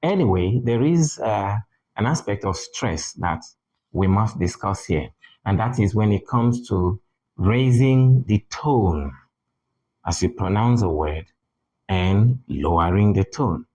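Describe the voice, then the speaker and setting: Man, non-native English speaker, pronunciation lesson, slow, deliberate, repeats key words. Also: fairly low pitch, lively intonation, warm tone, poor audio. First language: not English. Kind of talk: spoken lesson.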